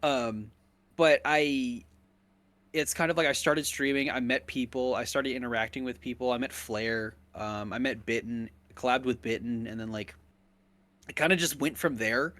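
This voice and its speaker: A man's voice: mid-range voice, moderate pace, a bit bright, no echo. A man streamer in casual chat, joking and laughing often, sometimes trailing off.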